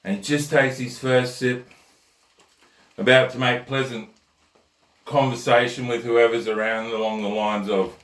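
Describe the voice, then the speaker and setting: A man's voice: mid-range voice, steady tone, a little slow, pauses often, a bit bright. A man, hosting a comic rant with a blunt, crude, conversational manner. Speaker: host. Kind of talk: comic rant and joke telling. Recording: roomy echo, mic at a distance.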